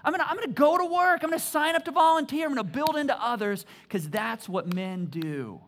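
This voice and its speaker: A male pastor giving an energetic sermon in a church, often repeating words as he pushes his point. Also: very high-pitched, a little fast. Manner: energetic, stammering repeats, emphatic.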